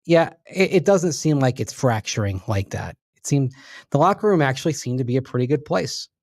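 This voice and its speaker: A man's voice: medium pitch, lively intonation, fairly quick, darkish tone, no room sound, clean studio sound. Emphatic male sports radio co-host. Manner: analytical, emphatic. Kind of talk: casual sports talk.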